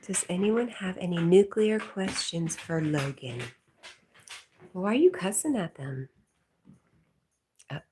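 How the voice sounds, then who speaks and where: Woman, low voice, unhurried, livestream host, reads chat aloud, slips into whispers. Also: lively intonation, slight background noise. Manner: reads viewer comments aloud and chats to her dog; often drops to a soft whisper.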